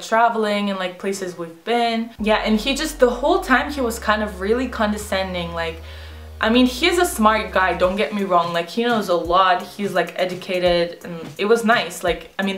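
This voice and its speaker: A woman, telling a casual storytime in a chatty, rapid way full of "like". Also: medium pitch, fairly bright tone. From Russia. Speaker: vlogger. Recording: roomy echo with faint music.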